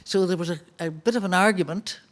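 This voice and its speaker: A woman with a Northern Irish accent telling a radio guest anecdote about her late-night memory, in a measured way. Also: on the low side. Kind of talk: reminiscing anecdote.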